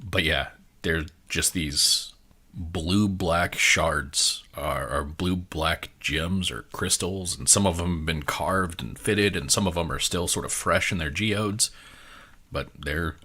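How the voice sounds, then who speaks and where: A man's voice: low voice, takes it slowly, bright, forceful tone, husky. A man narrating a tabletop game as game master, in a loose, rambling delivery. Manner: rambling, with many fillers and restarts.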